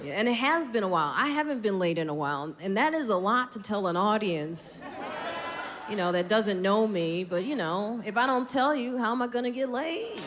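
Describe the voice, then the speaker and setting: A woman doing a stand-up set in a comedy club, telling stories brashly and animatedly with big jumps in pitch. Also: lively intonation, normal speed. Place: comedy club stage with laughing audience. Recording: loud crowd laughter and noise.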